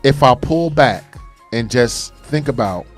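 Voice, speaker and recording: A man's voice: mid-range voice, animated, slow, soft background music. A man co-hosting a casual call-in radio talk show, speaking in an earnest, emphatic way. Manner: earnest, emphatic, says "brother". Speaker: co-host.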